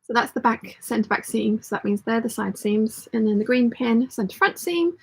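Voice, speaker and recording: A woman with a somewhat high, gravelly voice runs a casual sewing live stream. Her tone is husky and a little breathy as she rambles through her plans. She stops now and then to read and answer viewer comments. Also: animated, moderate pace, poor audio. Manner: chatty and rambling, thinks aloud while sewing. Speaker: sewing channel host.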